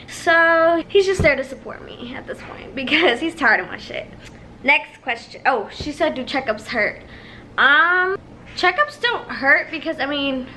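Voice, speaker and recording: A woman's voice: high-pitched, pushed and bright, a little hiss or hum, poor audio. A woman in her early twenties chatting casually to her viewers, emotional and laughing as she tells stories. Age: 20s. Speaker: vlogger. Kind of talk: casual chat.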